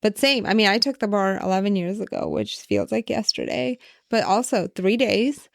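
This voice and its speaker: A woman in her thirties, a lawyer co-hosting a podcast, telling stories in an animated, laughing way. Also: medium pitch, moderate pace, creaky, no echo, studio quality. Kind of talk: casual podcast chat.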